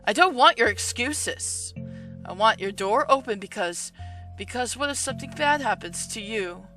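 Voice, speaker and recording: A woman's voice: expressive, moderate pace, sharp tone, faint music behind. Woman voicing a possessive raging game mother. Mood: nagging. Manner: shrill, raging, domineering. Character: possessive, controlling mother of a grown son.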